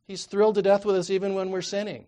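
Conversational preacher swinging to loud emphasis. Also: male voice, sits high, flat delivery, fast talker. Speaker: counselor. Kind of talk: sermon.

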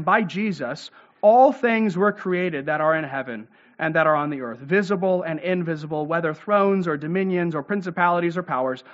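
Man preaching a sermon, lo-fi sound. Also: high-pitched. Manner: expository, frequent "uh" and "right?". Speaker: pastor.

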